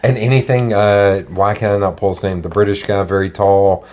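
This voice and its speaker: A man's voice: on the low side, steady tone, moderate pace, darkish tone. A man co-hosting a podcast, chatting casually in a rambling, laid-back way. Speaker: podcast co-host. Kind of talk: casual chat.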